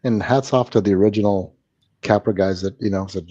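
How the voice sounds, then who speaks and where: A man hosting a podcast, chiming in with quick, affirming remarks in a casual interview. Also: fairly low pitch, fairly even intonation, dark tone, dull audio. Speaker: podcast host.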